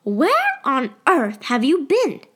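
A woman's voice: on the high side, expressive, a bit bright. Woman reading as a stern worried mother. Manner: demanding, rapid questioning.

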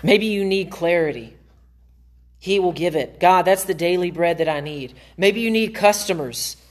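A man's voice: high-pitched, normal speed. A man preaching in a church in an earnest, conversational way. He speaks as a pastor, giving a sermon to his congregation. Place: church sanctuary.

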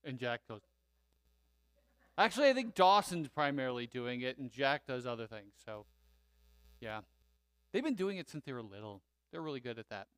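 Smooth-voiced man chatting at church. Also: mid-range voice, moderate pace, long pauses, no room sound. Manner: relaxed, chatty, laughs easily, trails off. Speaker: church leader giving announcements. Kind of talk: casual church-service chat and announcements.

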